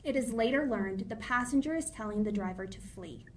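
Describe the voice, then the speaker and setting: A woman narrating a police incident video in a calm, even, scripted voice. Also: a little high, fairly quick. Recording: distant, with faint background hiss.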